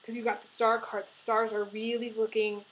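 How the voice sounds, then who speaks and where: A woman's voice: fairly high pitch, flat delivery, normal speed, a little hiss or hum, rough recording. A woman giving a casual tarot reading to camera, emotional and crying as she talks, with many ums and restarts. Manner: emotional, tearful, laughing through tears. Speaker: tarot reader.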